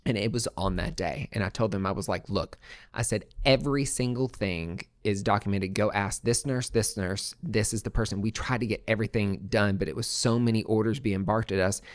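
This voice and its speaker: A young adult man, a podcast host, telling a personal story in a casual way, swearing freely and swinging between hushed and excited. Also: lowish voice, a little fast, no room sound, studio quality.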